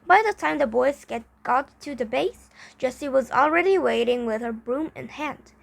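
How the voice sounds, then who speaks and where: A woman's voice: high-pitched, animated, moderate pace, vocal fry, low-quality recording. A woman reading a children's story aloud, carefully, with frequent slips and restarts. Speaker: reader.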